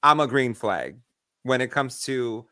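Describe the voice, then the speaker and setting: Man, podcast co-host, animated storyteller, mid-pitched voice, dry close sound. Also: a little slow, no room sound. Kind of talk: casual chat.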